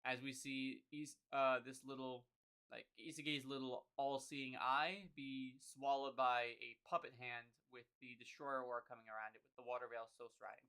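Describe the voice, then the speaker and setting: Bright-voiced man recapping a comic. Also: medium pitch, clear, resonant tone. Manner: recaps panel by panel, thinking aloud with fillers. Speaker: podcast co-host. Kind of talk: casual manga chapter recap. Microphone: podcast mic.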